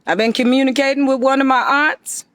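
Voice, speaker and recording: A woman's voice: high-pitched, fairly even intonation, fairly quick, a bit bright, no room sound, clean studio sound. A woman giving an emphatic, confrontational monologue straight to her viewers. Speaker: vlogger addressing viewers. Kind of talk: direct-to-camera monologue.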